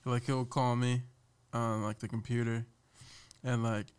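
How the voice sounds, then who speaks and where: A man's voice: medium pitch, a little slow, smooth. A young man, a podcast guest, chatting casually and animatedly, laughing often and mimicking others. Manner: animated storyteller, laughs often, mimics his boss loudly. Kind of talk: casual chat.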